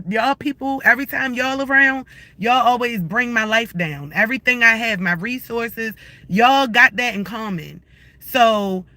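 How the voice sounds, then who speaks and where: High-voiced man ranting on a livestream. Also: sharp tone, no room sound. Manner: confrontational, profane, repetitive questioning. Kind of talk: heated livestream rant.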